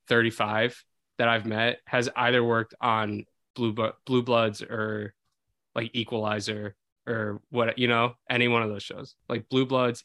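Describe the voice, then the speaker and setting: A man co-hosting a casual film podcast, animated and rambling, laughing often. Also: medium pitch, dry recording. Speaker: podcast co-host.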